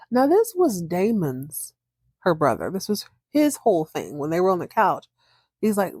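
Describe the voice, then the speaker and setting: Female podcast host, casual recap, slightly low voice, mimics characters for fun. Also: sing-song, normal speed, a little mellow, husky, no room sound, studio quality. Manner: chatty, acts out characters' lines with playful voices.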